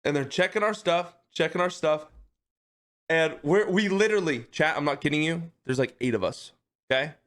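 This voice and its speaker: Speaking at normal speed in a fairly high voice, a livestreaming man spins an extended comic tale for his chat. He's animated and profane, laughs a lot, and keeps adding "okay?" to his lines.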